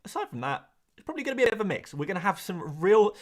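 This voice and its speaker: A young man from England chatting casually on a live stream, reading and answering chat questions in a rambling, animated way with quick asides. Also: high voice.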